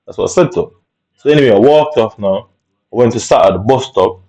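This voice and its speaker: A man's voice: medium pitch, lively intonation, fast talker, warm tone, low-quality recording. A man with telling an angry personal story, rambling and profane, full of tag questions. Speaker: vlogger.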